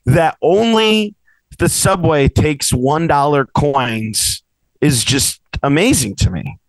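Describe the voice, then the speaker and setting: A man's voice: fairly high pitch, takes it slowly, no room sound, poor audio. A man co-hosting a podcast, telling a story in casual chat and acting out the people in it with rising exasperation. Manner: animated storyteller, acts out quotes with rising exasperation. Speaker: podcast co-host. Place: apartment in the city.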